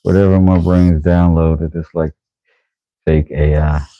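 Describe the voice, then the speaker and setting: A man's voice: deep voice, flat delivery, unhurried, dry recording, muffled recording. A man vlogging from his shop in casual chat, joking and answering viewers by name.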